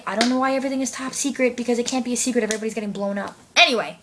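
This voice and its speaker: A woman's voice: fairly high pitch, steady tone, racing, background noise. A woman recapping a movie in a casual, slangy vlog, full of "like" and swearing. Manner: chatty, slangy, heavy use of "like", swears. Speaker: vlogger.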